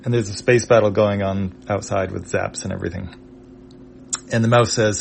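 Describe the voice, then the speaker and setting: A man's voice: fairly low pitch, steady tone, normal speed, gravelly, a little hiss or hum. A man reading a comic strip aloud panel by panel, hesitant and full of fillers.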